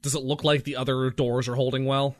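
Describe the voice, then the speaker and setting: A man's voice: medium pitch, level tone, a little fast. A man playing a tabletop game, declaring his character's actions. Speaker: player.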